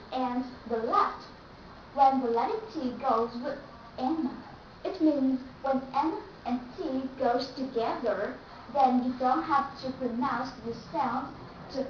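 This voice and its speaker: A woman giving a slow, careful English pronunciation lesson and repeating the example words. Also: high voice, background noise. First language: Vietnamese. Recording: echoey room, distant mic, dull and lo-fi.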